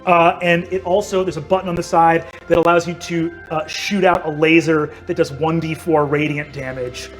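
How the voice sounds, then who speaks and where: A man's voice: on the high side, flat delivery, normal speed, hardly any pauses. Casual male game master in his thirties, loose and rambling, light music underneath. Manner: casual, with many ums and likes. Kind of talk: narrating a tabletop game.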